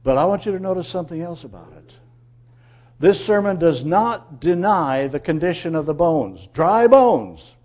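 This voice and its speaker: A man preaching a sermon, swinging between loud, emphatic lines and quiet, confiding asides. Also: a little high, expressive, normal speed. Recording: dull lo-fi sermon recording.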